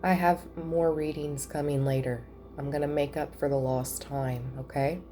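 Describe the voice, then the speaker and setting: A woman giving a casual spiritual reading at home, chatty and thinking out loud with soft asides. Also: sits low, steady tone, moderate pace, faint music behind. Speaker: tarot reader.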